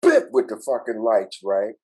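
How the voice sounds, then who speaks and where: A man's voice: lowish voice, huge pitch swings, unhurried, mellow, breathy edge, poor audio. An older man from Minnesota, a musician guest, telling a rambling story full of swearing and "right?" tags. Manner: profane, rambling with tag questions. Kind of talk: casual storytelling.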